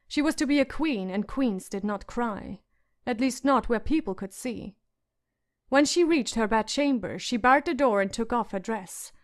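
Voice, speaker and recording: A woman's voice: fairly high pitch, normal speed. Woman reading a fantasy audiobook. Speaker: audiobook narrator. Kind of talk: audiobook narration.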